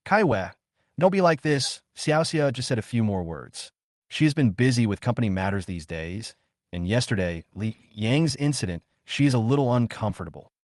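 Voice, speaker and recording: A man voicing a calm middle-aged father who tries to settle an argument. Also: medium pitch, normal speed, dry recording, studio quality, close to an everyday voice. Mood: placating.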